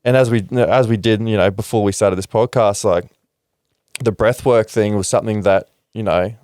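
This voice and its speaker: A young man with an Australian accent talks as a podcast guest in a frank, reflective way, swearing casually and using lots of fillers. His voice sits fairly low, and the room sound is dry and close. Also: fairly even intonation, normal speed, a little mellow, dry recording. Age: young adult. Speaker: podcast guest, former rugby league player. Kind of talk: candid interview talk.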